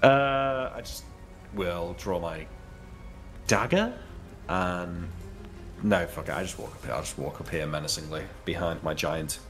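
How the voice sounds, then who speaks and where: A man's voice: deep voice, measured pace, fairly bright tone, faint music behind. A man describing his character's moves in a tabletop role-playing game, casually and with many hesitations. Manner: casual, hesitant, filler-heavy. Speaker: player.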